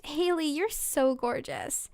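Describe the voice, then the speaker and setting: Cocky lovestruck teen boy, woman reading his lines in her own high voice. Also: takes it slowly, gravelly, a little mellow, dry recording, exaggerated voice. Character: smitten, sly teenage boyfriend. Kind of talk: reading fanfiction aloud.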